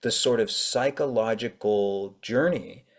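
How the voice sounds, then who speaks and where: A man's voice: on the low side, unhurried. A man, an author, chatting animatedly in an interview, often acting out how readers react. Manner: chatty, with frequent fillers and laughs. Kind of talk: casual interview conversation.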